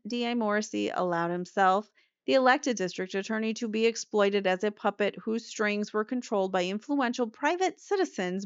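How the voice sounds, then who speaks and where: A woman reads legal filings aloud in a smooth, clear voice, stopping often to explain them in blunt, offhand terms. The sound is close and dry, a little dull and lo-fi. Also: mid-range voice, no room sound. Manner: reads dryly then adds blunt offhand asides. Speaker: host reading court documents. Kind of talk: reading legal filings aloud with casual commentary.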